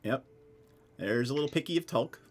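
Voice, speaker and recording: A man's voice: medium pitch, expressive, a little hiss or hum. Chatty male game master. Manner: chatty, halting with fillers and restarts. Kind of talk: narrating a tabletop game.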